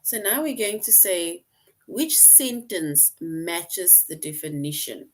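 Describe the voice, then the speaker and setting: A woman's voice: lowish voice, slow pace. A woman teacher explaining a lesson patiently to her class online, often checking in with "right?".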